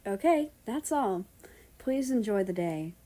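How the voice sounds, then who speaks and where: A woman's voice: medium pitch, expressive, a little slow, dark tone, pitched above the performer's own voice. A woman voicing a polite, formal male guard with a Japanese accent in a storybook reading.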